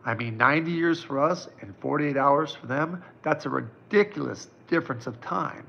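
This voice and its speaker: A man's voice: a little high, normal speed, gravelly, a bit bright, dull audio, slight background noise. A man in his fifties, a psychic answering viewers' questions on a live stream in a casual, reassuring way. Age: 50s. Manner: casual, reassuring, chatty with many fillers.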